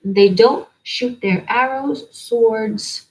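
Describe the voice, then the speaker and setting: A woman's voice: on the low side, fairly even intonation, a little slow, a little mellow, low-quality recording. Rambling woman giving a spiritual reading. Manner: rambling, piles up lists of words. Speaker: oracle card reader. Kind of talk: spiritual card-reading monologue.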